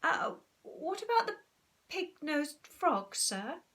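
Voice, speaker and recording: A woman's voice: high voice, big pitch swings, slow pace, a bit bright, voice pushed up, full character voice. A woman voicing an eager, polite young boy who talks in an earnest, pleading way.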